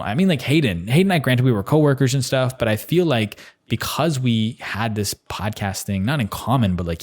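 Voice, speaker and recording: Rambling young man hosting a podcast. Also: fairly low pitch. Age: 20s. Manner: casual, rambling, lots of "like". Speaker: podcast host. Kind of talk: solo podcast monologue.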